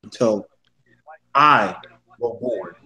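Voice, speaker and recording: A man's voice: lowish voice, very slow, sharp tone, low-quality recording. A man in a casual panel discussion, speaking bluntly and heatedly, with plenty of swearing.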